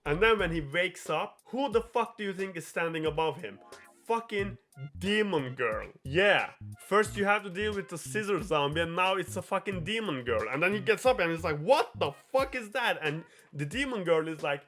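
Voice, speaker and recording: Bright-voiced young man ranting comically. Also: sits high, animated, moderate pace, faint music behind. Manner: rambling, profane, giggly. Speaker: host. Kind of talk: comedic game plot retelling.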